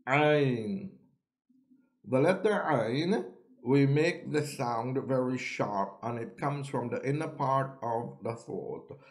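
A man teaching how to pronounce letters, saying each sound slowly and clearly, with pauses for the listener to repeat. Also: medium pitch. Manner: drawn-out, deliberate letter sounds with pauses for repetition. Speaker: Quran reading teacher. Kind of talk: slow pronunciation lesson.

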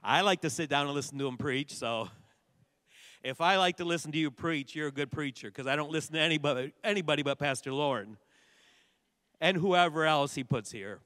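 Pastor, male, slightly high voice, animated storytelling sermon, close dry mic with a long church reverb tail. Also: brisk. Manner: animated storytelling preacher, bursts of loud exclamation. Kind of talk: sermon testimony. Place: church sanctuary.

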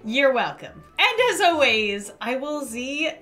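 A woman's voice: high-pitched, animated, slow, bright, forceful tone, faint music behind. A young woman hosting a casual gaming vlog at home, chatty, giggling and exclaiming often. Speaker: channel host.

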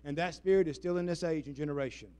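A man preaching a sermon as pastor. He leads the congregation in call-and-response and swings between booming emphasis and hushed asides. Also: fast, smooth. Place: church sanctuary before a congregation.

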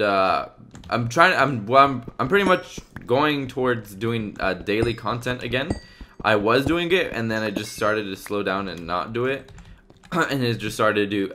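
A man's voice: medium pitch, sharp tone, slight background noise. A man giving casual let's-play commentary as a gaming YouTuber, chatty and rambling as he plays. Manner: rambling, chatty, many fillers and restarts.

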